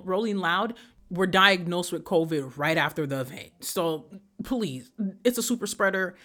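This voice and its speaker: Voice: medium pitch, moderate pace, pushed and bright. Fired-up young podcaster, swears constantly, lectures the audience head-on. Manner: profane, heated ranting; direct address to listeners. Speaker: podcast host. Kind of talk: solo podcast rant.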